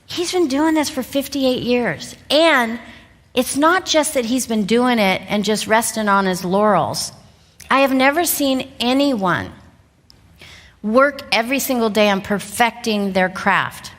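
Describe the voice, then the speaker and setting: A woman in her fifties giving a motivational talk on stage, an animated storyteller who laughs often. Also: on the high side, a little slow, in a large hall. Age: 50s. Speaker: seminar speaker. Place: stage in a large event hall. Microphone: lapel mic.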